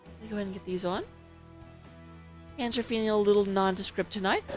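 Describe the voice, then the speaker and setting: A woman's voice: medium pitch, steady tone, fast talker, soft background music. A woman casting a live esports match as its host, chatty and playful, joking between the picks. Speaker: esports caster.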